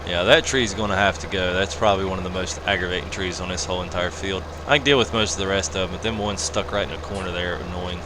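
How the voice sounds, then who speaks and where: A man's voice: deep voice, steady tone, fast talker, few pauses. A man hosting a live game stream, chatting casually and joking while reading out chat comments. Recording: loud game engine noise behind.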